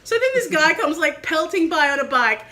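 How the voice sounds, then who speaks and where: Bright high-voiced woman telling a story. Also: fairly quick. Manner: animated, laughing, acts out quoted people. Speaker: vlogger. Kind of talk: casual storytelling chat.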